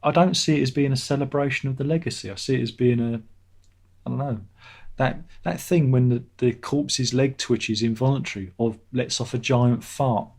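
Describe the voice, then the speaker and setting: Rambling man, husky mellow voice. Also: mid-range voice, moderate pace. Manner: rambling, sarcastic, laughs at his own jokes. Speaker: live stream host reading chat. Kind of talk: casual chat.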